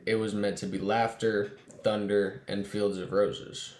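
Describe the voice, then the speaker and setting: A young man guest in a casual chat, relaxed and easygoing as he tells stories. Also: lowish voice, unhurried. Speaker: guest, fighter. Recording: roomy echo, faint noise.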